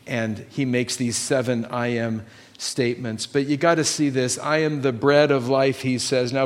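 A man preaching a sermon as pastor, emphatic, repeating his key points and asking his listeners questions. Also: mid-range voice.

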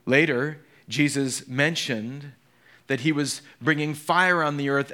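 A male pastor delivering a sermon in a medium-pitched voice. He builds to raised, emphatic lines, then drops to hushed, slowed quotations. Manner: dramatic, swings from loud emphasis to hushed quotes.

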